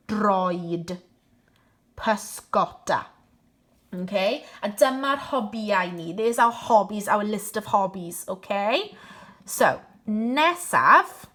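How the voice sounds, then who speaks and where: Slow, careful woman teaching. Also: medium pitch, a bit bright. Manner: slow, careful modeling of words to repeat, frequent "okay?" checks. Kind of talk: slow bilingual language lesson.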